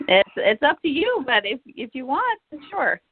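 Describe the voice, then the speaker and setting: A woman hosts an upbeat podcast interview, effusive and encouraging toward her guest. Her high, husky voice swings widely in pitch at a measured pace, with no echo. The audio sounds tinny, like a phone line, with faint noise.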